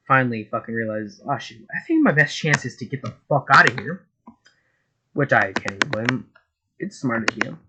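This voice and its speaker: Man, rambling profane fan-fiction narration, mid-pitched, noisy home recording. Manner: rambling, profane, full of fillers. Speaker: YouTube storyteller.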